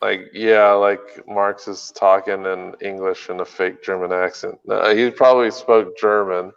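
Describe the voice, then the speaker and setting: A man with a low, smooth voice talks loosely on a podcast, pausing with lots of ums and likes. The recording has a slightly muffled, lo-fi quality. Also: little pitch movement. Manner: rambling, hesitant, many fillers. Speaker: podcast co-host. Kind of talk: casual chat.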